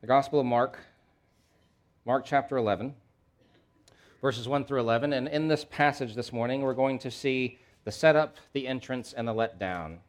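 A male pastor delivering a sermon from the pulpit. His voice sits at an ordinary middle pitch, dropping soft and low for asides, then rising loud and insistent when he puts questions to the congregation. He reads the scripture passages at a quick clip. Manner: preaching with wide swings between soft low asides and loud emphatic questions; reads scripture aloud at a brisk pace.

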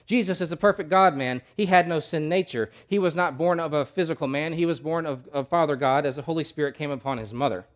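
A male pastor preaching a sermon, emphatic, asking rhetorical questions and swinging between loud and soft. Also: a little high, fast, few pauses.

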